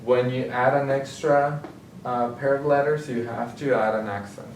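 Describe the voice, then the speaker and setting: A man's voice: mid-range voice, fairly even intonation, moderate pace. A man explaining grammar step by step in a recorded lesson as a tutor, often checking in with "okay?". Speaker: Spanish tutor. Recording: echoey room, mic at a distance, faint hiss.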